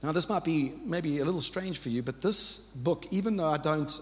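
A man's voice: a little high, normal speed, fairly bright tone. A man in his thirties preaching a sermon as pastor, earnest and conversational, with restarts and repeated phrases. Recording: reverberant church hall.

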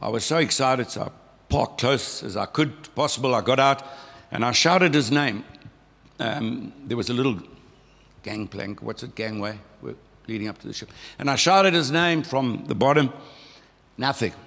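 A man's voice: mid-range voice, moderate pace, vocal fry, a bit bright. Older South African man, throaty storyteller with a frog in his throat, giving church testimony. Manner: folksy storytelling, acting out remembered voices. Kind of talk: conversational testimony sermon. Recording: long hall reverb.

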